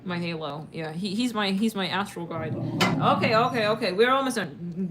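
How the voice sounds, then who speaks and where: The recording is very noisy as a woman with a medium-pitched voice, speaking at a moderate pace, reads tarot casually for her viewers. She chats and rambles, filling gaps with fillers and laughing suddenly.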